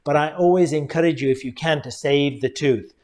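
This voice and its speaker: A middle-aged man with a slightly higher voice, speaking as a dentist explaining things to his viewers. He talks earnestly and directly, often calling his audience folks. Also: fairly quick, darkish tone. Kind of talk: educational talk to viewers.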